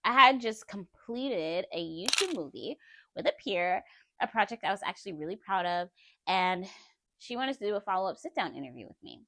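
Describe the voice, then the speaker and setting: A woman vlogger tells her own story with lots of emphasis and frequent laughter. Her pitch swings widely as she talks, and the sound is dry and close with no room echo. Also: normal speed. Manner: animated, emphatic, laughs often. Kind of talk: personal storytelling.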